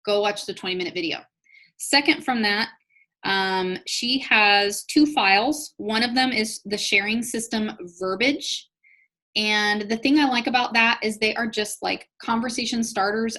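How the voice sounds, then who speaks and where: Bright and forceful, her mid-range voice moves at a measured pace as she leads a live online business training. The woman, a network marketing trainer, talks straight to her audience in a chatty, upbeat, encouraging style.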